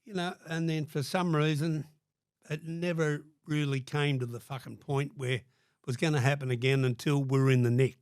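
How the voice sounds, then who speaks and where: Recorded cleanly in a studio without echo, this older Australian guest has a voice on the high side that is darkish, clear, and resonant, with flat delivery at normal speed. Swearing constantly, he bluntly tells stories in a relaxed interview and acts out the quotes.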